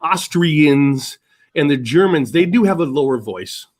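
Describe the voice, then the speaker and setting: A man's voice: a little high, expressive, measured pace, a little mellow. A middle-aged man chatting casually as a podcast co-host, rambling and swearing, often laughing. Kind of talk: casual chat.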